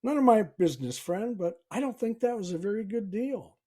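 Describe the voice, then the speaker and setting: A man's voice: high voice, animated, moderate pace, warm tone, voice pushed up. A man playing a matter-of-fact bartender in a joke he tells. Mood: dry. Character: dry-spoken male bartender.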